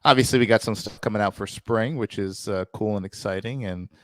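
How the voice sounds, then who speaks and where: A male co-host chats casually on a live stream, loose and upbeat. His voice sits on the low side of the middle range. The recording is dry and close. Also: fairly quick, a bit bright, dry recording.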